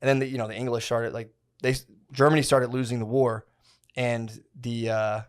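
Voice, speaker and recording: A man's voice: medium pitch, little pitch movement, moderate pace. Man, 30s, podcast co-host, rambling, profane, slangy, casual chat.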